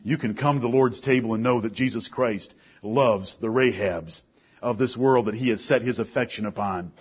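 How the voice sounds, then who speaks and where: A man preaching a sermon, firing off rhetorical questions and swinging between soft, low passages and loud, raised ones. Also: normal speed, breathy edge, dull audio.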